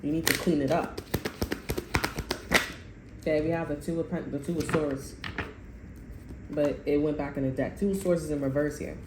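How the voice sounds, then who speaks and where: A woman's voice: sits low, steady tone, normal speed, pauses often. A woman doing a casual tarot reading, blunt and profane, rambling and repeating herself, recorded in a roomy space. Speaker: tarot reader. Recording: roomy echo with faint noise.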